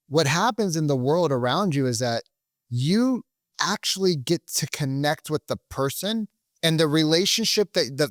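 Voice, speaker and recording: A man's voice: on the high side, no room sound, clean studio sound. A man hosting a podcast in a casual, rambling way, full of restarts and loose swearing. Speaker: podcast host.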